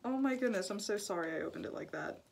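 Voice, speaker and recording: A young woman gushes through a casual chat, packed with "like"s and excited exclamations. Her pitch sits mid-range for a woman. Faint noise hangs behind her, along with paper crinkling and clicks. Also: quick pace, creaky. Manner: gushing and chatty, many "like"s, excited exclamations. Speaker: YouTuber opening fan mail. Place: indoor studio.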